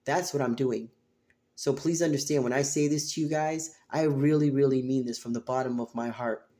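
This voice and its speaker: A woman in her late forties talks straight to her tarot audience in an emotional personal monologue. Her voice is warm and mellow, and she drives her points home with passion, open swearing and repeated phrases. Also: a bass voice, fairly even intonation, moderate pace. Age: 40s. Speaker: tarot reader and channel host.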